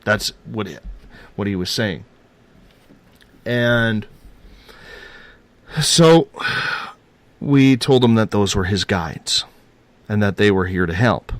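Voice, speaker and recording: A man's voice: fairly low pitch, animated, takes it slowly, long pauses, no echo. A man telling a personal paranormal story in a rambling, earnest way, repeating himself and using casual slang.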